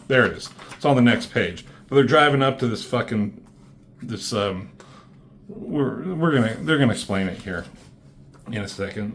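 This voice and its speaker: This man's voice is mid-range and a bit bright as he gives a loose, meandering comic book review. Swearing is frequent, and he plugs pauses with "um" and "like."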